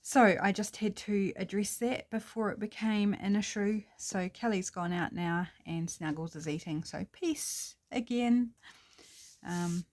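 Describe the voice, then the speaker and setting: A woman's voice: medium pitch, measured pace. A middle-aged woman with a New Zealand accent, chatting casually and thinking aloud as she works on a craft project at home. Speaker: crafting vlogger.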